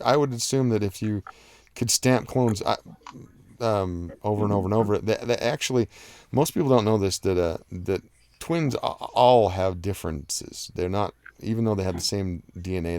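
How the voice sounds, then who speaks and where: A man's voice: fairly low pitch, darkish tone, no echo. A man hosting a live stream, reading viewer comments aloud and chatting about them in a rambling way, with lots of fillers and restarts. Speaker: host reading live chat. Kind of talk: casual live-stream chat.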